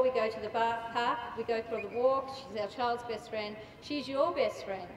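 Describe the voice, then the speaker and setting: A woman's voice: fairly high pitch, brisk, hardly any pauses, slight background noise. An Australian woman giving an impassioned rally speech, emphatic and repeating phrases for effect. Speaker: rally speaker. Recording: echoey PA sound from far off, loud ambience.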